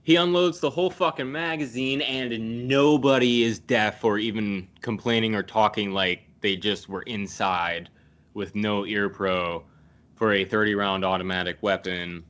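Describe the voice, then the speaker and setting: A man's voice: fairly low pitch, steady tone, a little slow, fairly bright tone. A man casually recapping a movie scene by scene, swearing freely and laughing at his own jokes. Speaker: podcast host recapping a film.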